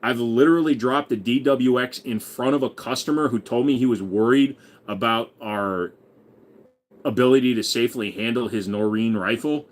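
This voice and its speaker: A man in his forties hosts a casual livestream, cracking crude jokes and reading viewer messages out loud. His voice sits in the mid-range and he speaks at a moderate pace.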